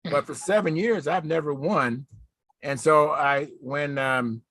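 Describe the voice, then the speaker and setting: Bright, lively man in casual group chat. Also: on the high side, a little slow, no room sound. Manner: animated storytelling, acts out quotes loudly. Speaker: video hangout participant, contest pilot. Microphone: video call.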